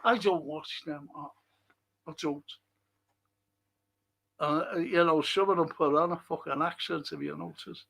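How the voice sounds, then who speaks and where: A man's voice: fairly high pitch, fairly even intonation, a little slow, long pauses, a bit bright. A middle-aged man, hosting a casual football livestream and answering viewer comments bluntly, swearing often. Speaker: football podcast host.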